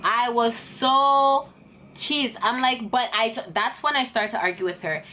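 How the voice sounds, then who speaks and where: A woman's voice: on the high side, measured pace, slight background noise. A young woman telling an indignant story to camera in a casual vlog. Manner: animated and indignant, talks to camera. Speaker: vlogger.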